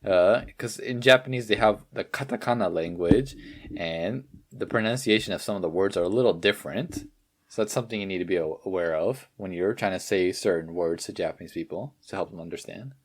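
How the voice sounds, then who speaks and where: Low-voiced easygoing male podcast host. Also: a little fast. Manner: laughs often, easygoing, leads the questions. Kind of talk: casual chat.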